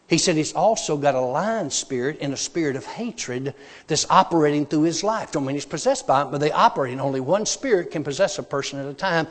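A man preaching a testimony sermon in a folksy, emphatic storytelling way, his voice sitting a bit high for a man. It comes through a long, echoing hall reverb, as if in a church before a congregation. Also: expressive, a little fast.

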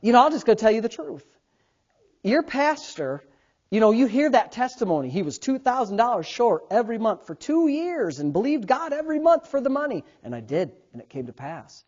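A male pastor in his thirties preaches with a storyteller's energy. He drops to near-murmurs for asides, then jumps up loud and high while acting out the people in his stories. The recording sounds somewhat dull and lo-fi. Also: a little fast. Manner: storytelling, animated swings from quiet asides to loud, laughing bursts. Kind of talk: sermon.

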